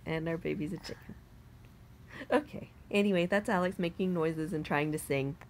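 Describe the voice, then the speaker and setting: A woman's voice: on the low side, moderate pace, darkish tone, slight background noise. A young woman at home, filming her baby on a phone and coaxing him playfully in a doting, sing-song way. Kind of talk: casual home video chat with a baby.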